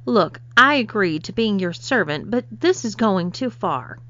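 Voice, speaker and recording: Brief: woman reading as a flustered, indignant young man; mid-pitched, muffled lo-fi sound. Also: expressive, unhurried, a bit bright. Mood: protesting. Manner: protesting, indignant. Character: flustered young man, an unwilling new servant. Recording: slightly dull lo-fi recording.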